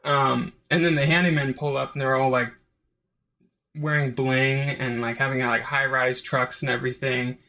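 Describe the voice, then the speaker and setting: A man's voice: medium pitch, little pitch movement, moderate pace, bright, forceful tone. A man hosting his own review channel, talking in a rambling, unscripted way with lots of "like" and "um" fillers. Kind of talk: casual unscripted review monologue.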